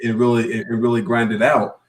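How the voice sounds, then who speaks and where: A man's voice: mid-range voice, little pitch movement, fairly quick. A male podcast host talks in an easygoing, conversational way. He keeps backing up his guest's points, repeating his approval as he builds on them. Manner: agreeable, affirming. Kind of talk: casual podcast chat.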